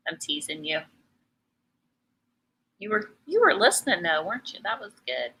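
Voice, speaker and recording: A middle-aged woman leads a live painting lesson in a bright, forceful voice. She chats easily and teases her viewers, laughing often between steps. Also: fairly low pitch, big pitch swings, normal speed, low-quality recording. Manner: chatty, teasing, laughs often. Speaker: painting teacher. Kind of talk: live painting tutorial chat.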